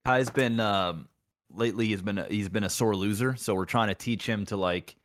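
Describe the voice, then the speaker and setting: A man co-hosting a casual podcast, talking in a relaxed, easygoing way with frequent fillers. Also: lowish voice, moderate pace, dry recording. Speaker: podcast co-host. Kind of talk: casual chat.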